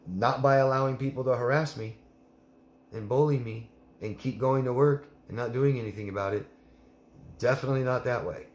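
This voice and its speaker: A man's voice: mid-range voice, a little fast, echoey room. A man coaching a listener in a live Q&A, blunt and emphatic, repeating her name as he gives advice. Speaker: life coach.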